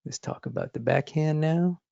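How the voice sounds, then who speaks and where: A man's voice: on the high side, moderate pace, creaky, dark tone, dry recording, dull audio. A man in his forties teaching a drawing lesson, talking through examples with enthusiastic, repetitive emphasis and little sound effects. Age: 40s. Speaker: art instructor. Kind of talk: drawing lesson with live demonstration.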